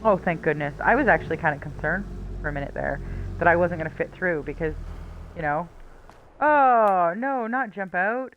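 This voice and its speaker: A streamer narrating their own play in a loose, chatty way, thinking aloud and dropping in silly playful words. The voice sits at an ordinary middle pitch. Steady vehicle engine noise from the game runs underneath. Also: brisk, lo-fi sound. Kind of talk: casual live gameplay commentary.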